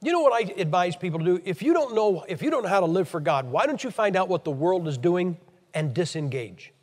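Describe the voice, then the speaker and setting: A man's voice: high-pitched, animated, fairly quick, in a large hall. An American man from Ohio preaching a blunt, emphatic, scolding sermon to a church meeting. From Ohio, USA.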